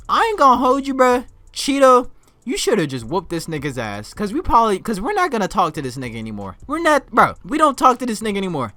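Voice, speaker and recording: A young man telling a story as a casual vlog rant. He talks excitably, swears a lot and often breaks into shouts and laughter. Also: sits high, no echo. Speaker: vlogger.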